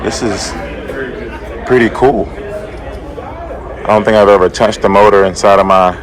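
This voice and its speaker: A man from the American South, hoarse, hosting a car vlog in an upbeat, chatty way that speaks straight to his viewers. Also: on the low side, a little slow, a crowd in the background. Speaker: car channel host. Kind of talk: casual vlog talk to camera. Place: conference room at a car event.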